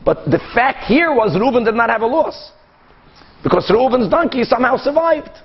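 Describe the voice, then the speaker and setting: High-voiced animated rabbi teaching Talmud. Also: male voice, husky, muffled recording. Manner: animated, acts out both sides of cases with quick back-and-forth. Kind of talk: Talmud class lecture.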